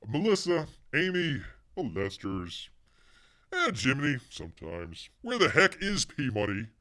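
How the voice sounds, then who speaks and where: Guy rambling on his livestream, lively up-and-down voice, calls himself by name, voice kinda going. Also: medium pitch, a little slow. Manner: talks of himself in the third person, animated and rambling. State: losing his voice. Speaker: livestream host. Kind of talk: casual livestream chat.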